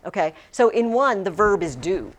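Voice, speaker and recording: A woman teaching a Latin class in a classroom, explaining slowly with frequent restarts. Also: medium pitch, very animated. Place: classroom with students.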